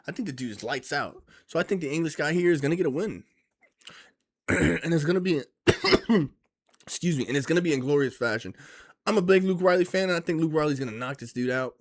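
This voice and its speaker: A man giving casual, profane and excitable vlog commentary on fight picks, rambling as he goes. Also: a little high, fairly quick. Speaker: MMA fight picks YouTuber.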